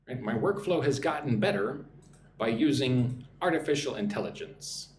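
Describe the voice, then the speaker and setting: Man teaching English, lively, echoey room. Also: mid-range voice, slight background noise. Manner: explains slowly, repeats words syllable by syllable, frequent "right?". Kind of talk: live-streamed vocabulary lesson.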